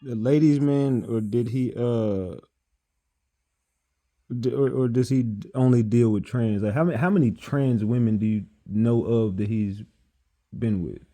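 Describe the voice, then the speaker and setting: Man, interviewer, blunt probing questions, dark mellow voice, casual talk. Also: mid-range voice, unhurried.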